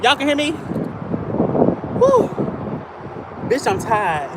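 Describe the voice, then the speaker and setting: A trans woman who lives in her car, chatting in slangy storytelling on a phone livestream while she walks outdoors in a field near a highway. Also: expressive, a little fast. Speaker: vlogger living in a car. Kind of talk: casual livestream chat. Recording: loud outdoor traffic noise. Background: highway traffic.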